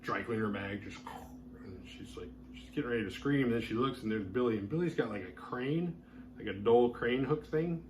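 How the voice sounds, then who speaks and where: A man's voice: medium pitch, normal speed, a little hiss or hum. A man hosting a horror movie review show, recapping a film in a casual, rambling way with lots of filler words. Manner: rambling, heavy use of "like" fillers.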